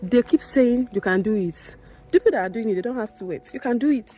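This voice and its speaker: A woman's voice: fast talker, warm tone. A young woman, a midwife, talking candidly to camera in a vlog, emphatic and repeating her points. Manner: emphatic, repeats phrases, rises in pitch when indignant. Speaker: midwife vlogger.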